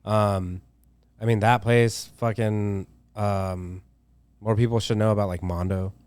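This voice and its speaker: A man's voice: fairly low pitch, steady tone, a little slow, a little mellow, smooth, dry recording. A young man, a tattoo artist, chatting loosely on a podcast with lots of slang, swearing and filler words. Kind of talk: casual podcast chat.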